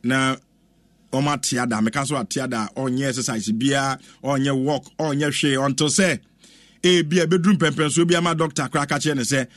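Animated Ghanaian man, dry voice. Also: mid-range voice, normal speed, no room sound. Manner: animated, exclaims and chants, mixes English with Twi. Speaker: radio presenter. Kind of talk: lively radio chat reacting to videos.

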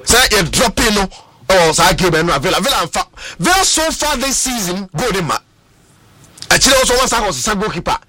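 A high-voiced Ghanaian man hosting a sports radio segment, his pitch leaping around as he talks. His tone is bright and forward, and the sound is dry and close. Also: brisk, dry recording. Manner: animated, mixes Twi and English, repeats words. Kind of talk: lively radio sports talk.

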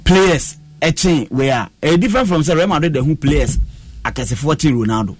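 Pundit type: a husky, slightly higher-pitched man, halting casual football chat, mixing languages. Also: lively intonation, soft background music. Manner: halting, full of fillers, mixes English with another language. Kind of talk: casual sports discussion.

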